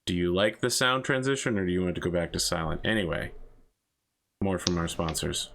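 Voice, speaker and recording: A man's voice: deep voice, brisk, vocal fry, fairly bright tone, a little hiss or hum. A man hosting a tabletop game show, chatting casually and offhand. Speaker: host. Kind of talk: casual chat.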